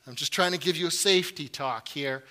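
Male pastor, high bright voice, chatty and self-deprecating, humorous sermon delivery. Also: brisk. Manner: chatty, self-deprecating storytelling with many "right?" asides.

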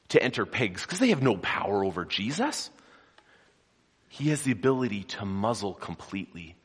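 A man preaching a sermon, telling the story dramatically and swinging between loud, forceful passages and hushed ones, often putting questions to his congregation. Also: on the low side, husky. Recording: long hall reverb.

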